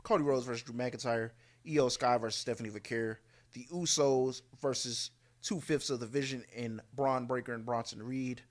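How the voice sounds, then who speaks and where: A man's voice: mid-range voice, steady tone, normal speed. Casual man picking wrestling winners. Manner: hesitant, lots of fillers, joking asides. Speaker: podcast co-host. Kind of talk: casual wrestling predictions chat.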